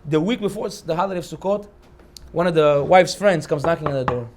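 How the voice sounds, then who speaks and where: Man, rabbi, storytelling sermon, rapid delivery, slightly high voice, acts out characters. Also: slight background noise. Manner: animated storyteller acting out the characters' lines.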